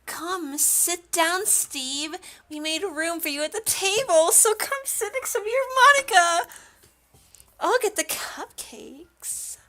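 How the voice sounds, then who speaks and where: A woman voicing an excitable, bubbly teenage girl from a visual novel game, reading her lines aloud in an eager, gushing way. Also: slow, exaggerated voice. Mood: excited. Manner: eager, gushing, squeaky-high.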